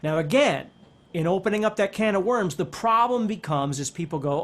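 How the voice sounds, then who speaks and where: A middle-aged man teaching guitar in a relaxed, conversational way, thinking aloud and circling back as he explains. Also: high voice, moderate pace. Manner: animated, talks with his hands, thinks aloud with restarts. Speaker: guitar instructor.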